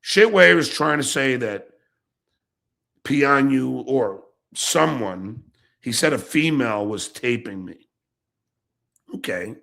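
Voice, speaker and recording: A middle-aged man hosting his own podcast, ranting angrily and profanely, jumping between shouts and low mutters. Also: lively intonation, slow, gravelly, long pauses. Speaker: podcast host. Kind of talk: angry ranting monologue.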